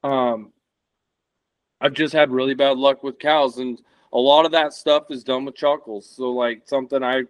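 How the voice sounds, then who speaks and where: A man's voice: medium pitch, fairly even intonation, moderate pace, smooth, no echo, lo-fi sound. A man in his thirties, a podcast guest talking casually and rambling as he searches for words. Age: 30s. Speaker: podcast guest, elk hunter.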